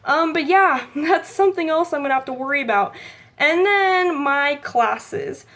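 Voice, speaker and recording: A woman's voice: sits high, lively intonation, a little slow, fairly bright tone. A woman, chatting casually to camera in a rambling vlog full of likes and ums. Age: 20s. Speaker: vlogger.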